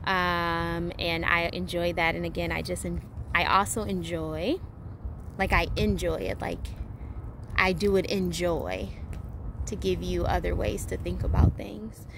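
A woman giving a casual spiritual talk, rambling with many fillers and restarts, playful and animated. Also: fairly low pitch, measured pace, gravelly, background noise. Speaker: spiritual teacher.

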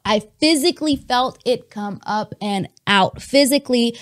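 A woman telling a personal testimony in a candid, animated way, talking to her listeners as y'all and laughing between lines. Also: on the high side, normal speed, hardly any pauses. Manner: chatty with many fillers and laughs.

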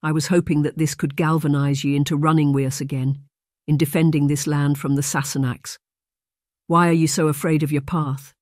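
A proud young Highland warrior with a Scottish accent, as an audiobook narrator puts him on. He is a man who speaks with hot-headed defiance in a dry, close storybook reading. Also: little pitch movement, fairly quick, a little mellow, no room sound, lightly acted. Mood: impassioned. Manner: impassioned, defiant.

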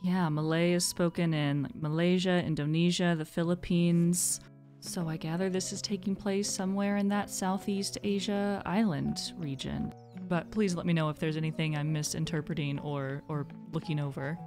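A young woman giving gentle, calm and reflective commentary while she plays a game. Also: lowish voice, moderate pace, soft background music. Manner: soft-spoken, calm and reflective. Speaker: gaming video host. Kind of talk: gentle mindful gameplay commentary.

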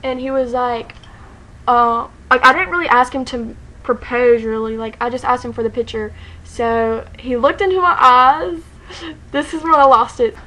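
A woman telling a story to the camera in a casual vlog, excited and rambling, saying "like" constantly and laughing often. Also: on the high side, moderate pace, low-quality recording. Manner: excited, rambling, heavy use of "like", frequent laughter.

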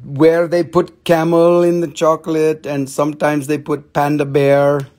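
A man's voice: a little high, flat delivery, measured pace, darkish tone. Goofy, clowning male rock seller. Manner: playful, goofy, clowning salesman banter. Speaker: live-stream rock and mineral seller. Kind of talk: joking live sales chat.

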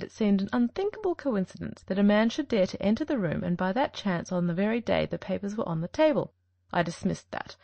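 A shrewd, confident detective who lays out his reasoning with authority, as a woman reader takes on his lines. The voice rises and falls with lively swings of pitch, and a gravelly edge creeps into it. The storybook reading sounds dry and close. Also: dry recording. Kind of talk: audiobook reading.

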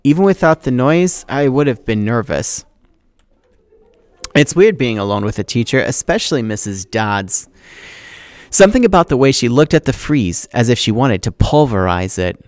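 A man's voice: mid-range voice, sing-song, moderate pace, no echo. A man teacher reading a novel aloud to his class, acting out the dialogue with expression.

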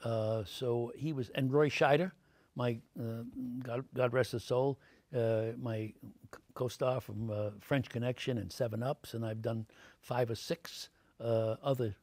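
An older man, an actor answering interview questions with lively anecdotes full of fillers, in a TV studio. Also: medium pitch, unhurried, no room sound. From Brooklyn, New York. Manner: animated anecdotes, many fillers, acts out quoted voices.

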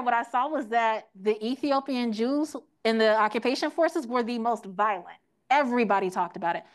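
A young woman teaching a room, asking the audience questions and acting out quoted voices. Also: a little high. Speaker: teach-in speaker. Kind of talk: interactive classroom lecture.

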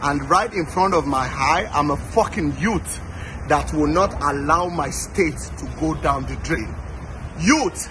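A man's voice: on the high side, expressive, a little slow, music in the background, low-quality recording. A Nigerian man from Lagos giving an angry, impassioned protest address, swearing and repeating himself as he rails. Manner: angry, fiery, swears often, repeats words.

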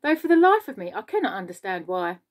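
A woman voicing a kindly, gentle female ladybird in a storybook reading. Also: mid-range voice, sing-song, fast talker, close to an everyday voice.

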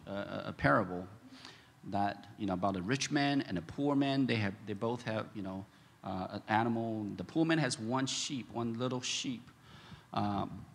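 A man delivers a sermon with a bright yet husky voice, stumbling through fillers and restarts before surging into animated emphasis. The sound carries the long echo of a church sanctuary. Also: medium pitch. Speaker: pastor. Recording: echoey church hall.

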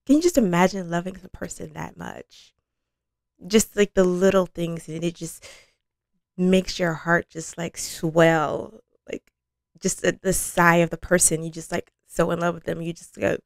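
A woman's voice: fairly low pitch, fairly even intonation, moderate pace, vocal fry, no room sound, studio quality. A woman hosting a music reaction video, gushing and giggling as she chats to her viewers. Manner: effusive and giggly, talks to viewers. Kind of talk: casual reaction chat.

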